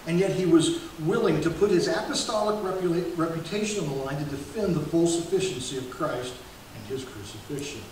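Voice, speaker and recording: A man's voice: on the high side, darkish tone. A male pastor preaching an earnest expository sermon, with occasional self-corrections, recorded in a church. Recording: echoey sanctuary from far off, hiss.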